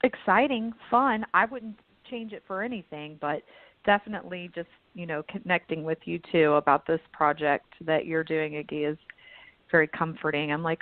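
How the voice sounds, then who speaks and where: A woman guest healer chatting candidly about spiritual matters, laughing often and swinging her pitch animatedly. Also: normal speed, dry recording. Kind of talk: casual spiritual discussion. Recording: tinny phone-like line.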